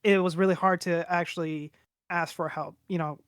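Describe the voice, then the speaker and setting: A man's voice: a little high, steady tone, moderate pace, clear, resonant tone, no echo, studio quality. A man in his twenties chatting casually on a podcast, rambling and candid, swearing freely as he talks. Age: 20s. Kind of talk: casual chat.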